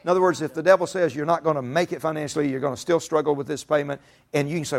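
This is a middle-aged pastor with a slightly high, creaky voice and a slightly fast pace. He preaches in a folksy, emphatic manner, climbing into shouts and laughter.

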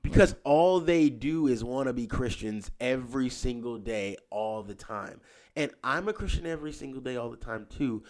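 A young man hosting a casual podcast, ranting animatedly and getting loud when worked up, then settling low and quiet to tell a story. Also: animated, moderate pace. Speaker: podcast host.

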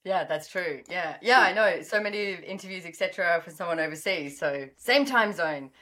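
A middle-aged Australian woman, a guest author, telling animated stories and acting out the dialogue. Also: normal speed. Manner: lively, acts out quoted dialogue with pitch jumps. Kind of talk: animated storytelling in interview.

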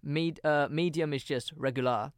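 A man's voice: fairly high pitch, moderate pace, clear, resonant tone, no echo, clean studio sound. A man with a Birmingham accent co-hosting a podcast, self-deprecating and blunt, with some swearing. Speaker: podcast co-host. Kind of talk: casual chat.

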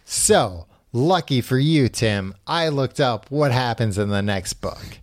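A man's voice: medium pitch, lively intonation, slow pace, no room sound, studio quality. A man hosting a podcast, recapping a book in casual chat with a wry storytelling manner. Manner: wry, storytelling with acted quotes. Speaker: podcast host.

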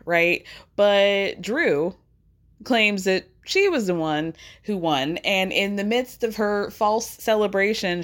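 A woman hosting a podcast in casual chat, chatty and animated, laughing often as she talks. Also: on the low side. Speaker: podcast host recapping a reality show.

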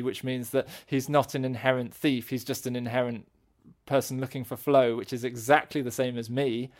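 A man in casual podcast chat, thinking aloud and searching for his words. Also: medium pitch. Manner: thoughtful, searching for words, many restarts.

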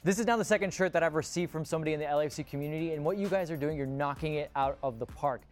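A man's voice: on the high side, racing, soft background music. A man co-hosting a soccer talk show, chatting enthusiastically and speaking straight to viewers. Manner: enthusiastic, talks to viewers directly. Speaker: co-host. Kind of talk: casual sports chat.

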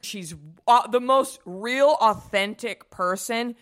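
Gushing, enthusiastic woman co-host. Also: a little high. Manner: enthusiastic, gushing, talks fast when excited. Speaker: podcast co-host. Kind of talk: casual chat.

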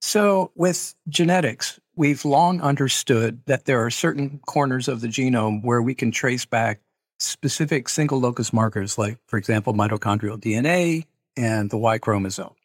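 A middle-aged man, an archaeologist, answering interview questions in a measured, explanatory way with hedging asides. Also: medium pitch, husky, no room sound, studio quality. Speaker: archaeologist guest.

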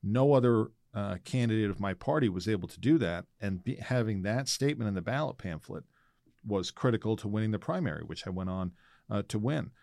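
A man hosting an interview, asking questions and explaining his own fundraising experience in a measured way. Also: on the low side, animated, vocal fry, a little mellow, dry recording, clean studio sound. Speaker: interview host.

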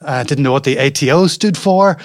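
A man's voice: on the high side, fairly quick, no room sound, clean studio sound. A man in his forties from Northern Ireland with a Northern Irish accent blended with Scottish and London tones, chatting easily as a podcast guest and telling his story. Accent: Northern Irish, mixed with Scottish and London. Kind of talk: casual interview chat.

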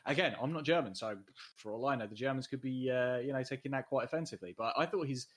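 A man's voice: mid-range voice, fast talker, a bit bright. Blunt, sweary man talking films. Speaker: podcast co-host. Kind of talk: casual film discussion.

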